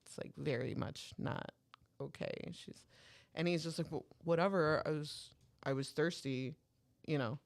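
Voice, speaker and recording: A woman's voice: deep voice, unhurried, vocal fry. A woman co-hosting a podcast, telling a story in casual chat, swearing freely and acting out what each person said. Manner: animated, swearing, acts out dialogue. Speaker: podcast co-host.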